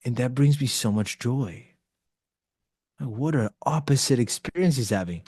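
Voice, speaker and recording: A man talking as a podcast guest in a casual storytelling style, animated, acting out the dialogue he quotes and often saying "like". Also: medium pitch, moderate pace, husky, no echo, studio quality. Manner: animated storyteller who acts out quoted dialogue, frequent "like" fillers.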